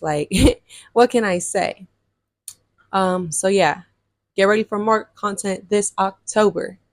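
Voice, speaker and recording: A woman's voice: fairly low pitch, no echo, clean studio sound. A woman in her early twenties telling a storytime to her viewers, chatty and full of fillers. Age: 20s. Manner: chatty, lots of fillers, animated retelling. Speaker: vlogger. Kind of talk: casual storytime chat.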